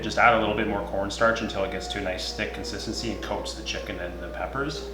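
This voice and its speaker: A man hosting a home cooking show, walking through each step of a recipe in a relaxed, chatty way with frequent filler words. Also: fairly low pitch, fast talker, hardly any pauses, roomy sound, rough recording. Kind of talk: casual cooking demonstration. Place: home kitchen.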